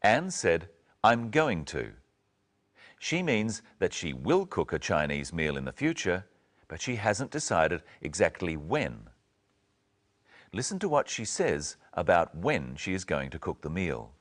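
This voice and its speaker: A man presenting an English lesson, speaking slowly and clearly and carefully modelling each phrase for learners. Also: low voice, sing-song. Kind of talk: slow, clear teaching narration.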